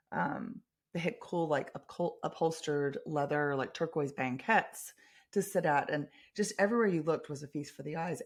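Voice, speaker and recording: A woman's voice: low-pitched, a little mellow. An American woman hosting a podcast, chatting about family travel in an enthusiastic storytelling way with frequent ums and restarts. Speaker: podcast host. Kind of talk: casual chat.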